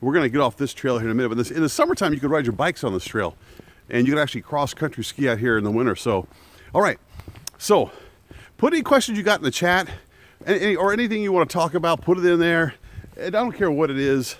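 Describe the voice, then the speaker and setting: A man's voice: on the high side, lively intonation, fast. A man live-streaming a walk outdoors in a wooded park, talking casually through a camera on a selfie stick. He chats and laughs often, and jokes about the danger around him.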